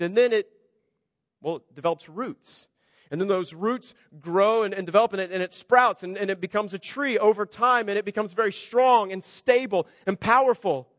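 A man's voice: sits high, no room sound, in a large hall, highs cut off. A man preaching a sermon, earnest and conversational, asking rhetorical questions of his listeners. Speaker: pastor.

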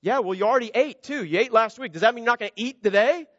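A man's voice: extremely high pitch, fast, fairly bright tone, dry recording, long reverb tail, highs cut off. A man preaching a sermon, earnest and conversational, asking rhetorical questions of his listeners. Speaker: pastor.

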